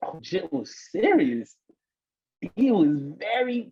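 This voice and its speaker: A man who is a podcast guest, telling a story in casual chat, animated and slangy and swearing a lot. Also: sits high, slow pace, slightly rough, dull audio.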